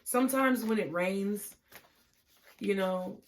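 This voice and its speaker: A woman's voice: medium pitch, slow. Reassuring woman reading tarot. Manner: gentle and reassuring, with frequent "okay?" check-ins; casual, laughing and swearing at times. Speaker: tarot reader.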